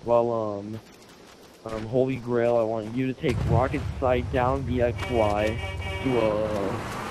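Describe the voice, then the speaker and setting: A man's voice: mid-range voice, fairly even intonation, measured pace. A man in casual game voice chat, giving orders and trading jokey trash talk over a headset. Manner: bossy, joking trash talk. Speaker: online gamer. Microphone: gaming headset. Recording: noisy headset chat with gunfire. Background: game gunfire and vehicles.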